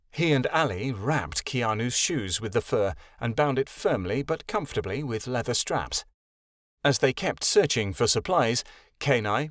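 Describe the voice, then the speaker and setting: Reading a fantasy audiobook, a male narrator tells the story expressively in a middle-pitched voice that moves with lively energy. It's scripted narration, recorded dry and close.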